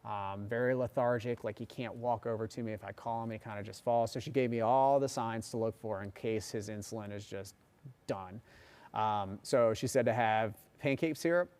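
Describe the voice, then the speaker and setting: A man's voice: lowish voice, moderate pace, a little mellow, smooth. Chatty man telling a story on a livestream. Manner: chatty and rambling, reads viewer comments aloud. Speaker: meteorologist and show host. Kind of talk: casual livestream storytelling and viewer chat.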